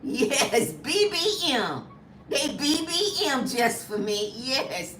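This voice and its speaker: Lively, bright-voiced woman in her fifties. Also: high-pitched, takes it slowly, slight background noise. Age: 50s. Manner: lively, laughing, emphatic. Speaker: lifestyle vlogger. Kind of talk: casual live chat. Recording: echoey room from a distance.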